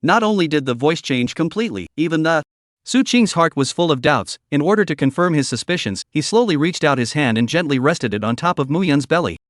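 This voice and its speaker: A text-to-speech male voice narrating a story recap with an even, machine-like reading. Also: a little high, brisk, no echo, studio quality.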